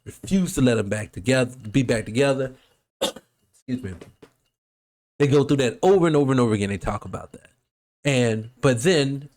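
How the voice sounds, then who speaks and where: A man talks straight to his viewers in an animated, rambling rant, swearing freely as he reacts. His voice sits at an everyday middle pitch. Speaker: host. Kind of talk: casual reaction commentary.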